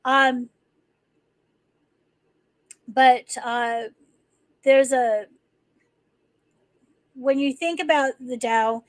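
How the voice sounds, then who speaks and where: A woman's voice: high-pitched, fairly even intonation, very slow, long pauses, no room sound, poor audio. A woman hosting a live stream, talking casually and rambling, with many restarts and fillers. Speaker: livestream host. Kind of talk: casual spoken talk.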